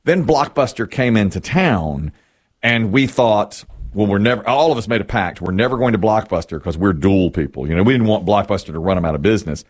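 A man's voice: on the low side, animated, fairly quick. A man hosting a radio show in a studio, telling stories in casual banter and laughing often.

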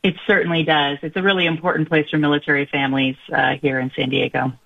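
A woman's voice: low-pitched, level tone, quick pace, creaky. Female radio guest, cheerful and upbeat, heard over a tinny phone line. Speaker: radio interview guest, nonprofit director. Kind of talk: radio interview.

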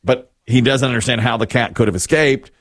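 A man's voice: medium pitch, fairly even intonation, fairly quick. A man hosting a radio show, telling a news story in casual, joking banter.

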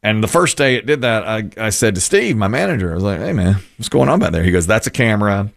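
Lively storytelling male radio host. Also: on the low side, fast talker, creaky. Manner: storytelling, animated, laughs often. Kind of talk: casual radio chat.

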